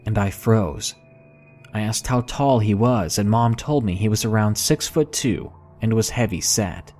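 Low-voiced man narrating a horror story. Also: darkish tone. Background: faint background music.

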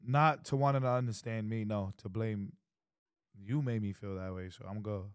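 Young man, podcast co-host, animated and profane, dry close sound. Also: lowish voice, normal speed, clean tone, no room sound. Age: 20s. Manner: animated, profane, acts out quoted exchanges. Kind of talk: casual chat.

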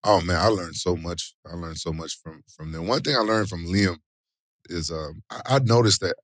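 A middle-aged man, an interview guest, telling stories in casual, slangy talk with animated exclamations. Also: deep voice, moderate pace, no echo, studio quality. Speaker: interview guest, former fighter and actor.

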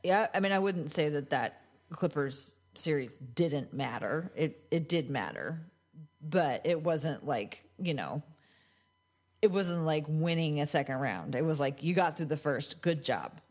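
A woman's voice: low voice, expressive, measured pace, a little mellow. A woman hosting a casual sports podcast, wry and easy-going as she steers the talk. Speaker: podcast host.

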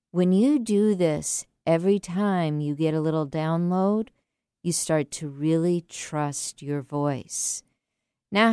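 A woman writing coach and podcast host giving an earnest, encouraging motivational talk with deliberate emphasis, recorded close on a studio mic. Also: on the low side, a little mellow, clean tone, dry recording.

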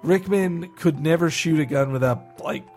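Animated laughing man in casual chat. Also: a little high, moderate pace, soft background music. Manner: laughs often, animated retelling.

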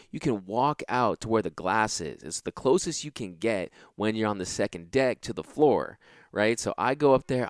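A man casually telling a personal story, lively and repetitive, with many "you know"s. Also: on the low side, dry recording. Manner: animated, repeats phrases, lots of "you know".

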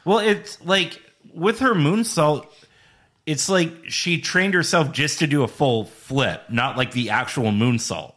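A man's voice: fairly high pitch, unhurried, a bit bright. A man co-hosting a casual podcast chat, chiming in with dry short remarks. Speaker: podcast co-host.

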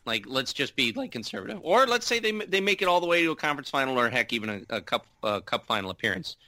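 A man talking hockey on a podcast in an easygoing, rambling way, full of restarts and filler words. His voice is bright and forward. The recording is dry and close. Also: mid-range voice, very animated, fast, no echo. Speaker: podcast co-host. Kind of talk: casual sports chat.

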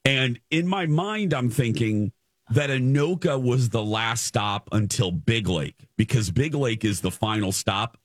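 A male radio host in casual storytelling chat. He tells the story in an animated way, stumbling over repeated words as he gets worked up. His voice is at an ordinary pitch and sounds dry and close. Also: measured pace, breathy edge, no echo. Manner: animated, stumbling repeats while reliving the moment.

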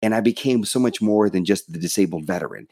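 A man's voice: sits low, fast, warm tone, husky, dry recording, clean studio sound. A man guest on a podcast, talking frankly and telling his own story, acting out what people said to him. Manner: candid storytelling, acts out past dialogue. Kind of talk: casual interview chat.

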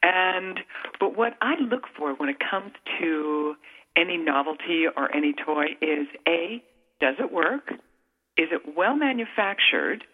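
A woman hosting a radio talk show, chatty and rambling with quick laughs. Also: lowish voice, lively intonation, husky. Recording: phone-line quality.

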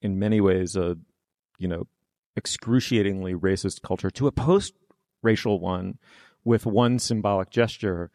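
Man, podcast co-host, erudite and wry, lowish voice, dry close mic. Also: unhurried, a little mellow, dry recording. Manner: erudite, wry, profane asides.

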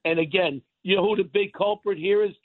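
A man's voice: high voice, steady tone, a little fast, no echo. A man, calling in as a regular guest and ranting bluntly on talk radio. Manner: blunt, insulting, heated. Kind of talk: brash talk radio rant. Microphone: phone line. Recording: tinny dry phone line.

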